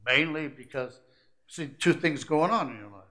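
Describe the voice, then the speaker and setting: A man preaching a sermon, shifting from hushed, confiding asides to rising, emphatic climaxes that stack short repeated phrases. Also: on the high side, lively intonation, normal speed. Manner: repetitive, building lists of short phrases.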